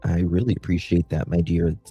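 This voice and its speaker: Low dark-voiced man hosting a livestream. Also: level tone, breathy edge, highs cut off, soft background music. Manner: thanks viewers one by one, affectionate pet names; halting, many fillers. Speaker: host of a true crime livestream. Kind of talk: casual livestream chat.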